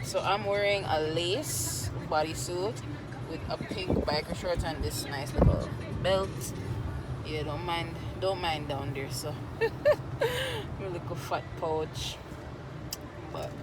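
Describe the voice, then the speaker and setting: A young woman with a Jamaican accent, rambling and chatty as she vlogs casually to her viewers. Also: fairly low pitch. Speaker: vlogger. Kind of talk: casual vlog chat. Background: music.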